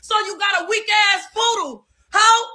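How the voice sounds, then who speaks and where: A woman yelling a profane, taunting tirade. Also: very high-pitched, normal speed. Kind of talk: shouted live-stream tirade.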